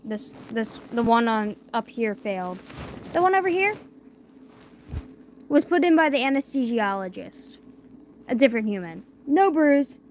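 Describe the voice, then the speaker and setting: A woman's voice: fairly high pitch, lively intonation, measured pace, pauses often, a little hiss or hum. A young woman chatting casually late at night on a livestream. She talks through a barely opened mouth after wisdom teeth surgery and rambles with many fillers. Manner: rambling, filler-heavy, drifting quiet.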